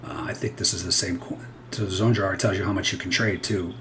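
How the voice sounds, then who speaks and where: Low-voiced man narrating live trades. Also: steady tone, fast, fairly bright tone, slight background noise. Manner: rambling, self-interrupting, candid. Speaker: futures trader. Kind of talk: live trading commentary.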